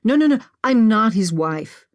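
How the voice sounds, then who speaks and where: A woman's voice: fairly high pitch, very animated, pitched above the performer's own voice. Maggie, a sardonic young woman, as a narrator puts her on. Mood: wry. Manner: sardonic, slow, joking.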